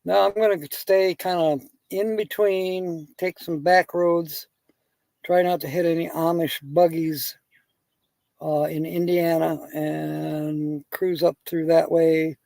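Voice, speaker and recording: A man's voice: a little high, little pitch movement, takes it slowly, gravelly, dark tone, no room sound. A man hosting a live stream, rambling through casual chat and telling jokes while chuckling at them.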